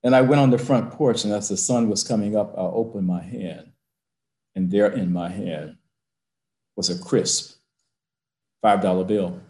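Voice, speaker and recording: A man's voice: on the low side, a little slow, long pauses, dark tone, reverberant. A university president, a man, telling a personal story in an interview from his office, building to emphatic peaks.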